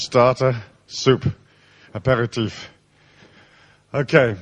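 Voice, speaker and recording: A man giving a live seminar talk in a large hall, telling rowdy stories full of swearing. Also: mid-range voice. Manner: profane, storytelling, animated. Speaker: seminar speaker.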